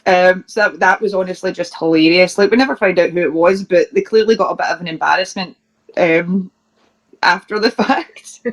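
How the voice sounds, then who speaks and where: A woman's voice: fairly low pitch, moderate pace. A Scottish woman, a professional wrestler, chatting as an interview guest and telling funny stories with plenty of laughs. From Scotland. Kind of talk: casual anecdote telling.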